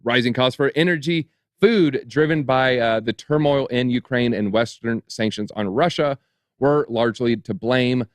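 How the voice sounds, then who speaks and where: A man's voice: medium pitch, normal speed, no echo. Man reading market news with sarcastic asides. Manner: reads headlines, then adds dry sarcastic asides. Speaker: crypto show co-host. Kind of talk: news commentary, reading articles aloud.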